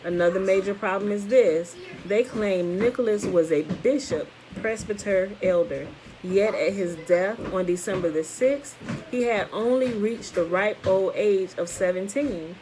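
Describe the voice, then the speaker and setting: A woman with a dark-toned, mid-range voice reads a text aloud to listeners, keeping a steady pace. She breaks off for informal comments to them and corrects herself when she stumbles over words. The low-quality recording has slight background noise.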